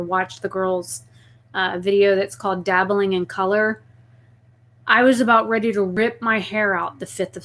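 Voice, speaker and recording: A young woman chatting casually on a live stream, reading viewer messages and telling stories with lively outbursts. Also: mid-range voice. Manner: chatty, reads viewer messages, talks to her pet snake in a soft baby voice.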